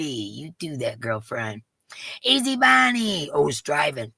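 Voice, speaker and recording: A woman hosting a casual crochet livestream, greeting viewers by name and chatting with frequent laughs, her voice rough today. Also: sits low, sing-song, unhurried, bright, forceful tone, no room sound. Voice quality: gravelly. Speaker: livestream host. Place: home craft room.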